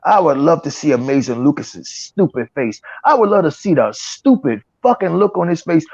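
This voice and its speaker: A man hosting a podcast, ranting profanely and mocking others in an animated way. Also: on the high side, moderate pace, few pauses. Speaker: podcast host. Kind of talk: casual chat. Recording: dry, dull lo-fi sound.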